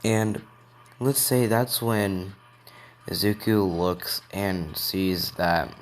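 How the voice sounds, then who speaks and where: A man with a low voice tells an improvised fan story. He rambles and restarts his sentences as he goes. A faint noise sits behind him. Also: steady tone, very slow.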